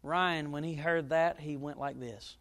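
A middle-aged man, a pastor, preaching a sermon and telling a story, his voice now and then jumping up loud. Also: on the high side, steady tone, unhurried. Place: church.

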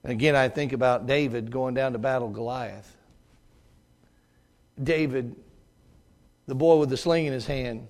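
A middle-aged man preaching a sermon in a church auditorium, swinging from loud exclamations to hushed, near-whispered lines. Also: medium pitch, a little slow, pauses often.

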